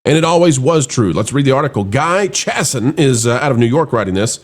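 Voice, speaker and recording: Animated and fairly quick, a middle-aged man runs an opinionated commentary show in a sarcastic, mocking tone. His voice lurches dramatically between high and low.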